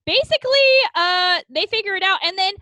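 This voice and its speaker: A woman with a high, bright, ringing voice chats casually on a podcast, recapping a movie and acting out its scenes. The sound is close and dry. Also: brisk, dry recording. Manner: animated, acts out lines from the film. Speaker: podcast co-host.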